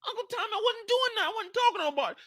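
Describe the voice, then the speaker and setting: A man voicing a pleading teenage boy in a high, whiny voice. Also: lively intonation, racing, pushed and bright, no room sound, studio quality, exaggerated voice.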